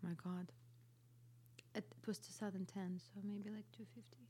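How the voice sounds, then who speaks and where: A woman's voice: medium pitch, level tone, moderate pace, warm tone, husky. Woman in her thirties, Russian accent. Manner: dry, playful comebacks. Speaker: podcast guest. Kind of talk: casual interview chat.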